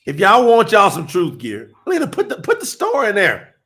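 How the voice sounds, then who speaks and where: A man preaching fervently on a livestream, shouting scripture and then reading from his chat. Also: high-pitched, wildly swooping pitch, moderate pace. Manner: shouts and drawls, reads chat aloud.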